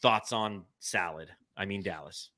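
A man in his thirties co-hosts a casual sports talk show, lively and a bit profane as he riffs on teams. His voice sits low but comes across bright and forceful. The sound is dry and close. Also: a little slow, dry recording. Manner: animated, swears, reads chat comments. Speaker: podcast co-host.

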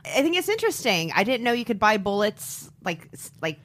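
A woman's voice: mid-range voice, big pitch swings, fairly quick, a bit bright. A woman co-hosting a podcast, chatting casually with many "like"s and frequent laughs. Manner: chatty, laughs often, heavy use of "like". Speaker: podcast co-host. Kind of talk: casual true-crime podcast chat.

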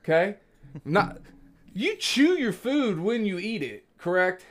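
A man's voice: high-pitched, big pitch swings, slow. A man hosting a podcast in casual chat, joking in a laid-back way. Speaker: podcast host.

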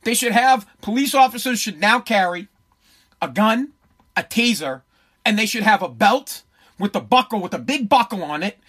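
A man's voice: high-pitched, lively intonation, normal speed, sharp tone, slightly rough. A man in his forties giving a blunt, profane, heated commentary. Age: 40s. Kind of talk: ranting commentary.

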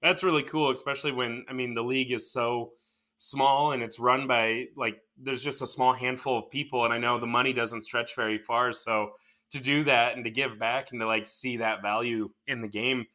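A man co-hosting a relaxed podcast chat. His voice sits at middle pitch but sounds bright and forward. He talks in friendly, rambling questions with lots of fillers. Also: normal speed. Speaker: podcast co-host. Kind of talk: casual interview chat.

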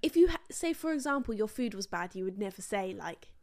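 A woman's voice: medium pitch, expressive, brisk, darkish tone. A young woman co-hosting a casual podcast, blunt and teasing, swearing casually as she argues her point. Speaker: podcast co-host.

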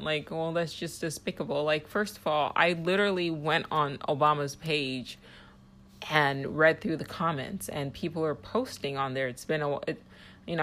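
A woman's voice: deep voice, moderate pace, a bit bright, a little hiss or hum. A woman hosting her own podcast, talking in a heated, rambling monologue full of "like" fillers. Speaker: podcast host. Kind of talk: casual monologue.

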